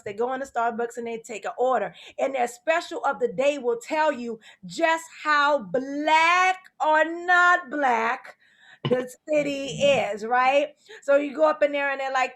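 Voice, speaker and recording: A woman with a New Orleans accent hosting a comedy show, animated and laughing through her jokes. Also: high voice, a little slow. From New Orleans, Louisiana.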